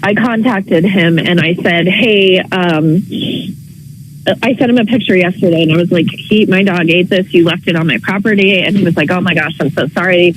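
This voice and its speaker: A woman calling into a radio show, telling her story in a rambling, halting way full of fillers. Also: fairly low pitch, a little hiss or hum, rough recording. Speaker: caller. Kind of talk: phone-in call to a radio show.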